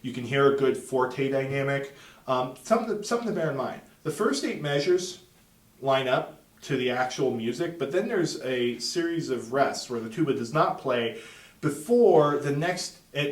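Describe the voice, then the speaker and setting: A man's voice: mid-range voice, echoey room, far from the mic. A man giving a patient music lesson, explaining phrasing and now and then chanting rhythms aloud to demonstrate. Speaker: music teacher. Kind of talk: instructional talk.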